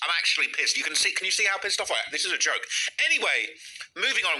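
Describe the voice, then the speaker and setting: A man's voice: a little high, lively intonation, fast, sharp tone, rough recording. A man hosting a true-crime commentary, ranting with indignant sarcasm.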